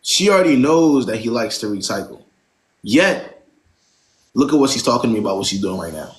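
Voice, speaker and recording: A man's voice: medium pitch, big pitch swings, brisk. A man hosting a live stream, giving blunt relationship advice and driving his points home with "right?".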